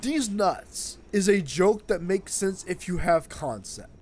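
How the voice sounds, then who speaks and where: Young man, streamer, high voice, jumpy pitch, casual rambling, swears a lot. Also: animated, slow. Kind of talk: casual gaming stream chat.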